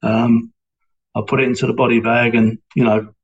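Halting, flat-voiced man. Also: mid-range voice, husky, muffled recording. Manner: hesitant, halting, with many fillers and restarts. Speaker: interviewee, former police sergeant. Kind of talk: reflective personal account.

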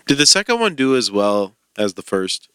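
Dry, offhand producer with a lively bright voice. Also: male voice, mid-range voice, moderate pace, clean tone. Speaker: podcast producer. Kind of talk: casual podcast chat. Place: podcast studio room.

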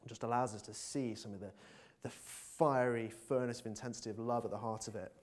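Male preacher, mid-pitched, casual sermon delivery with ums, rising to fervent calls to the congregation. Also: fairly even intonation, a little fast. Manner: earnest, hesitant with many fillers, builds to emphatic appeals. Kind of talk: conversational sermon.

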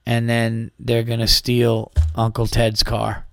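A man's voice: mid-range voice, completely flat delivery, takes it slowly, creaky, a bit bright, no echo. A man hosting a comedy podcast, ranting with exasperation and acting out the people in his stories. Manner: exasperated, rambling, acts out quoted voices. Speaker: podcast host. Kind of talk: comedic rant.

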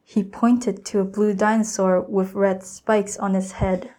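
A teenage student girl reading a children's storybook aloud, careful and expressive. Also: mid-range voice, unhurried. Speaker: student reader.

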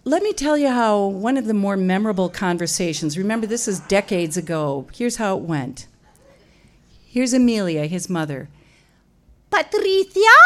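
A middle-aged woman tells a funny story about herself. Her pitch swings widely as she talks, and she mocks herself as she goes. Her voice is animated and sits at an ordinary middle pitch. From Wisconsin, USA. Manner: animated, self-mocking, jumps into loud high quoted voices. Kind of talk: comic personal storytelling.

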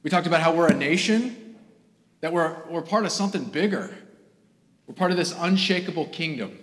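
A man's voice: a little high, expressive, moderate pace, fairly bright tone. A man preaching a sermon to his congregation in an earnest way, rising to emphatic bursts. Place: church sanctuary. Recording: long hall reverb.

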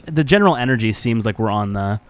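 Relaxed male podcast co-host, smooth voice. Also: on the low side, quick pace. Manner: relaxed, friendly, reads announcements. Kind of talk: casual chat.

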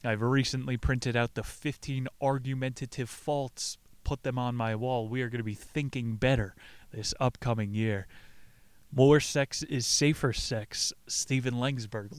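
A brash young man hosting a comedic recap, riffing with crude jokes. His voice is smooth and clear at an ordinary pitch. The recording is dry and close to the mic. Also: no room sound. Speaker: podcast host.

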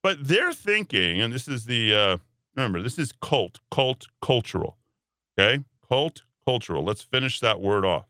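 A man's voice: medium pitch, very animated, normal speed, pushed and bright, no echo, studio quality. A man hosting a talk radio show, ranting emphatically and sarcastically, at times putting on mocking voices. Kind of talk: opinionated talk radio monologue. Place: radio studio.

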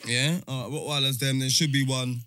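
A man's voice: medium pitch, flat delivery, normal speed, sharp tone, smooth. A young man, co-hosting a casual podcast chat with joking, slangy banter. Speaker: podcast co-host.

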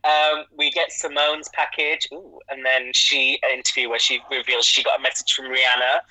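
A man hosting a podcast, chatting casually with jokes and the odd swear word. His voice is very bright and forward. The recording is close and dry. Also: medium pitch, level tone, moderate pace, no echo, poor audio. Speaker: podcast co-host.

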